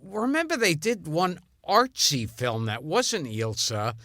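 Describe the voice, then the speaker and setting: Animated, slow-talking New man. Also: fairly high pitch, no echo, clean studio sound. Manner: animated, loud and mischievous. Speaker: host. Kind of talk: casual storytelling chat.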